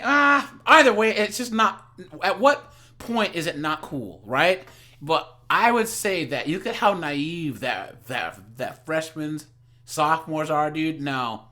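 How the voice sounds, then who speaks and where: Animated man doing a reaction stream. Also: a little high. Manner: animated, chatty, addresses viewers as guys. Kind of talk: livestream reaction commentary.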